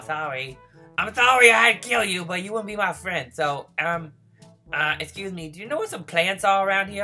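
A man voicing a lonely, needy baby male dinosaur in a game role-play, whiny and begging for friends, breathy and childlike. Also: on the high side, exaggerated voice. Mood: playful. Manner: whiny, begging for friends, turning to frantic yelling when chased. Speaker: gaming video host.

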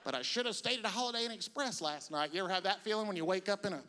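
A man's voice: expressive, very fast, a little hiss or hum. A middle-aged man from South Carolina, telling stories in a stand-up comedy set. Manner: storytelling, jumps into loud high-pitched voices for bits. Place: comedy venue on stage. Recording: live stage with long hall reverb.

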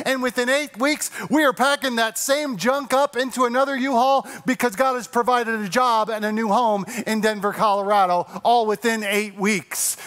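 Man, high voice, middle-aged pastor, earnest sermon, slows and softens for emphasis.

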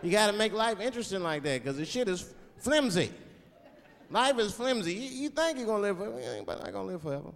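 Male stand-up comedian, animated, lively pitch, long hall reverb, loud audience. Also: fast talker, gravelly. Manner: animated, slips into voices. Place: comedy stage before audience. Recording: live hall with loud crowd.

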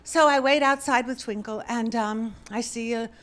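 A woman comedian doing stand-up storytelling on a club stage, wry and deadpan, rising to exasperated bursts. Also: a little high, normal speed. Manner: deadpan, wry delivery that rises to exasperated outbursts. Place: comedy club stage before a laughing audience.

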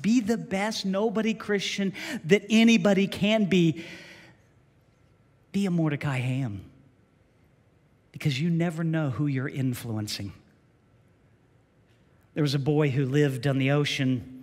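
Emphatic preacher in an echoing church. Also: male voice, a little high, unhurried, long pauses. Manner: emphatic, animated preaching with repeated phrases. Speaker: pastor. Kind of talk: sermon. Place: church sanctuary.

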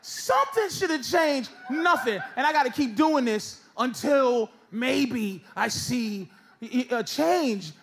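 A man doing a loud, animated stand-up set, jumping into shouted put-on voices. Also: very high voice, slow. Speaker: stand-up comedian. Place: comedy club stage before a laughing crowd. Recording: live club recording, loud crowd and noise. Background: audience laughter.

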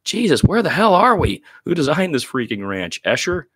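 A man doing a flustered, shouting militia leader. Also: a little high, sing-song, moderate pace, slightly rough, no room sound, pitched above the performer's own voice, full character voice. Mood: exasperated. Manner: shouting commands.

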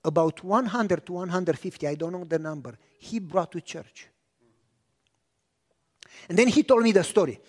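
A man preaching a sermon, telling stories and acting out the dialogue, clearing his throat often. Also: high-pitched. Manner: anecdotal, acts out dialogue, frequent throat clearing. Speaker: pastor. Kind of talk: storytelling sermon. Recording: long reverb of a large hall.

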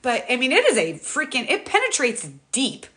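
Middle-aged woman, livestream host; fast, rambling, emotional chat, bright tone. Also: high-pitched. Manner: fast, rambling, restarts often; emotional and animated. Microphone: tablet mic, close.

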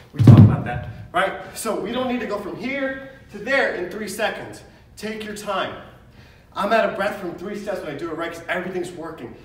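An upbeat male fitness coach talks through exercise form step by step, his voice a little on the high side. He is picked up from a distance in a big, very echoey gym, with faint room noise behind him. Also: a bit bright. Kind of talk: exercise demonstration.

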